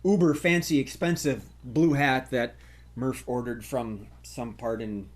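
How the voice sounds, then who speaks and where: A man's voice: medium pitch, measured pace. A man hosting a live online improv comedy show, joking and laughing as he runs the games. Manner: lively, laughing, joking emcee. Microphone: video call.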